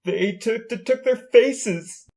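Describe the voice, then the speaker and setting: A man's voice: high voice, big pitch swings, normal speed, darkish tone, voice pushed up. A man voicing a terrified little filly pony, sobbing and stammering.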